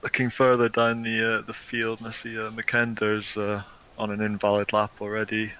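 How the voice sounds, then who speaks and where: Male racing co-commentator, low and monotone, rapid explanatory delivery. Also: slight background noise. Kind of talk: live sim-racing commentary.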